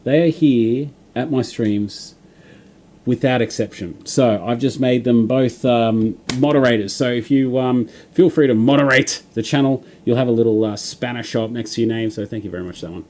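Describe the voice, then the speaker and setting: A man's voice: mid-range voice, moderate pace, darkish tone, a little hiss or hum. An Australian man hosting a livestream, chatting casually and reading out viewer comments, rambling with lots of fillers and restarts. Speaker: livestream host.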